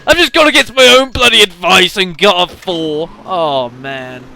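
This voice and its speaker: A young man with a high, gravelly, sharp-toned voice speaks at a moderate pace as a let's play commentator. His commentary on the game he's playing is rambling and casual, full of fillers and sudden exclamations.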